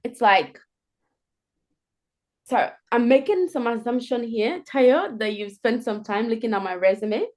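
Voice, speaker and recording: A woman leading a live group coaching call over video, playful and animated, acting out sample answers as she explains them. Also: on the high side, moderate pace, hardly any pauses. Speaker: career coach.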